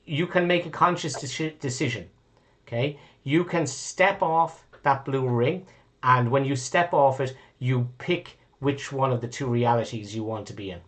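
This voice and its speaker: A man's voice: medium pitch, normal speed, a bit bright. A man running a tabletop game as game master, rambling and correcting himself with casual swearing.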